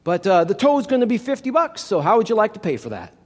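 A man's voice: high-pitched, wildly swooping pitch, fast, full character voice. A man voicing a blunt, plainspoken seventy-year-old mechanic in his seventies. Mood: businesslike. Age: 70s. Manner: plainspoken, matter-of-fact. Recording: long hall reverb.

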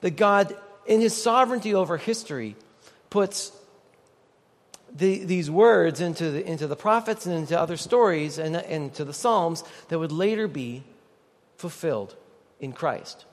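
A man's voice: a little high, animated, a little slow. A man preaching a sermon as pastor, conversational and joking with the congregation. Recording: long reverb of a large hall.

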